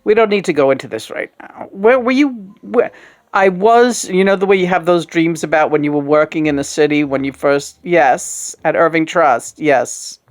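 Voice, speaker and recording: A woman in her sixties who hosts a puppet show chats candidly at a moderate pace in a low voice. She's frank and rambling, sprinkling her casual talk with fillers and swear words.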